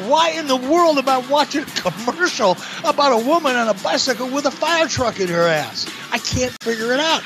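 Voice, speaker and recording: Animated, blunt man telling stories. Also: sits high, a little fast, few pauses, over music, low-quality recording. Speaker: podcast host, former wrestling executive. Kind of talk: casual podcast chat.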